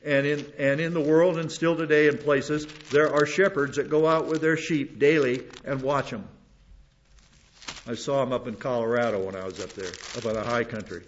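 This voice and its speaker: An older man, a pastor, preaching a rambling sermon with many restarts and asides. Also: fairly high pitch. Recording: dull lo-fi recording.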